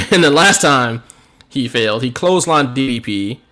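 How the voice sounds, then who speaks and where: A man co-hosting a podcast, recapping a wrestling event in an animated storytelling way with frequent laughs. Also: mid-range voice, moderate pace. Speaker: podcast co-host.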